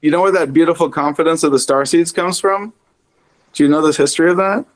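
A man's voice: on the high side, quick pace. A man as a podcast guest, chatting casually and animatedly about spirituality, swearing freely and mocking his own inner voice.

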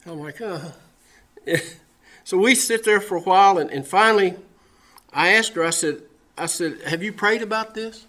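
A man's voice: high voice, moderate pace, pauses often, pushed and bright. A man preaching a sermon, telling a personal story in a folksy, storytelling way, often repeating his words as he goes. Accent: Southern American.

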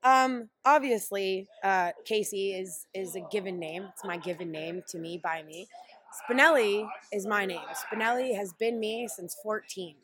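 A woman who wrestles professionally, telling stories in a brash, animated way during a casual interview. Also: mid-range voice, moderate pace, crowd noise. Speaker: pro wrestler.

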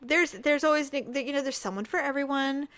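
A woman's voice: sits high, normal speed, a bit bright. A woman co-hosting a casual chat, blunt and emphatic in her opinions. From Mexican heritage. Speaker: podcast co-host.

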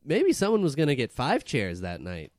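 A man's voice: mid-range voice, huge pitch swings, normal speed, darkish tone, dry recording, clean studio sound. Wry man narrating a comedy bit. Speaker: comedy podcast host.

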